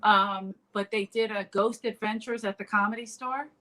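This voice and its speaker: A woman's voice: medium pitch, steady tone, normal speed, a bit bright, poor audio. Rambling woman comedian telling stories. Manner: rambling, full of fillers and restarts. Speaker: comedian guest. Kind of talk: casual interview storytelling.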